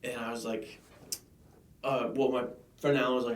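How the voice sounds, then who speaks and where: A man's voice: mid-range voice, a little fast. Rambling young man in an echoey room. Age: young adult. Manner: chatty, rambling tangents, lively storytelling. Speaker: podcast co-host. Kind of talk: casual interview chat. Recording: echoey room, distant mic.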